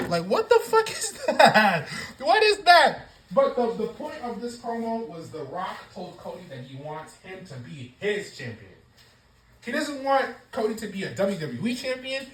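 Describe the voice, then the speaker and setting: Profane, animated woman ranting about wrestling. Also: a little high, normal speed, reverberant, low-quality recording. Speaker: wrestling show reviewer. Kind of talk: casual wrestling review vlog.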